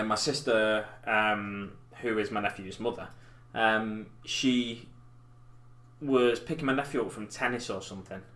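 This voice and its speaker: A man's voice: fairly low pitch, fairly bright tone. A man in his thirties chatting casually and rambling as he hosts a painting live stream at a desk mic. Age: 30s. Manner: rambling, self-deprecating, chatty. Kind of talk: casual chat while painting miniatures. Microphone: desk mic in front of keyboard.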